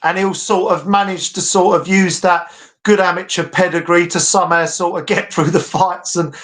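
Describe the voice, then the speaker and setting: A man's voice: high-pitched, fairly even intonation, normal speed, a bit bright. A British man ranting animatedly as co-host of a casual boxing podcast, laughing often.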